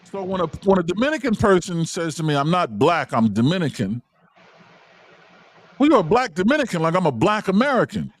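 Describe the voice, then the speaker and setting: Guy pushing his point hard on a panel stream, kinda high voice, dry close sound. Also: very animated, quick pace, few pauses, no echo. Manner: insistent, lecturing, cuts others off. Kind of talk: livestream panel discussion.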